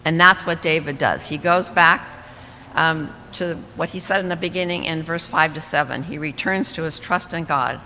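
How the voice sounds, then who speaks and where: A woman with a low voice and sharp tone speaks at normal speed, giving an earnest, reflective Bible study talk to a women's fellowship. She makes small slips and restarts. The church hall recording is reverberant, with faint background noise.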